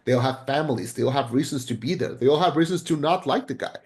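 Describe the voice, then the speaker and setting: A man co-hosting a podcast, chatting casually and excitably about a film, rambling with frequent restarts and casual swearing. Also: mid-range voice, fast. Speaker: podcast co-host. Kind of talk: casual film review chat.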